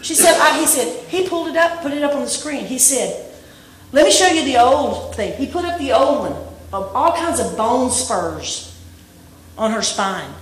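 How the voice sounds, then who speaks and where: A woman's voice: high voice, expressive, moderate pace, a little hiss or hum. Woman preaching in an echoey church. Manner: storytelling, rising to shouts on key points. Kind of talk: sermon. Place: church sanctuary. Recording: echoey room from far off.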